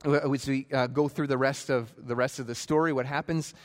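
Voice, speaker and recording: A man preaching a sermon, retelling a story in an animated way and acting out quotes. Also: mid-range voice, normal speed, big-room sound. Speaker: pastor.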